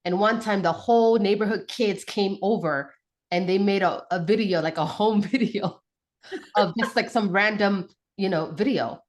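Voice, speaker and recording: A woman, a guest on a talk show, telling a childhood story in a casual, animated way with lots of fillers and restarts. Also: medium pitch, moderate pace. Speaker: podcast guest, mother.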